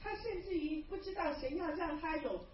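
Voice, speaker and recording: A woman interpreting a sermon live, rendering each phrase quickly after the preacher. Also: extremely high pitch. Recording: distant, echoey, dull hall sound.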